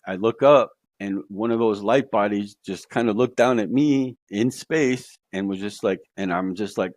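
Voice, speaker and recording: A man's voice: on the low side, moderate pace, few pauses, a little mellow, dry recording. A man telling his near-death experience as a podcast guest, earnest, with many fillers. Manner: earnest storytelling with fillers, quoting voices he heard.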